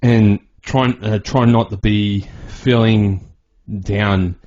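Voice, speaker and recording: Slow, halting man with a low, mellow voice. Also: fairly even intonation. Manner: halting, rambling, with many restarts. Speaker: vlogger. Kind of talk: personal voice-over narration. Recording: dull lo-fi recording.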